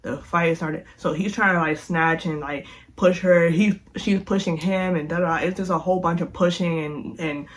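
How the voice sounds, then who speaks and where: A woman's voice: lowish voice, normal speed, hardly any pauses. Chatty young woman telling a story. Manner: animated, chatty, addresses viewers directly. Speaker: vlogger. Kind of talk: casual storytime.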